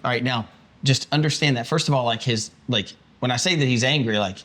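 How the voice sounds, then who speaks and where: Man, pastor, conversational Bible study, animated, acts out quotes. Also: medium pitch, a little fast. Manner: animated, acts out quoted speech, frequent restarts and "like".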